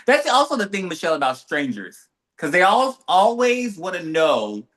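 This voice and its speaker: A man co-hosting a podcast, telling a story in lively, casual chat with quick asides. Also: high-pitched. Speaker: podcast co-host.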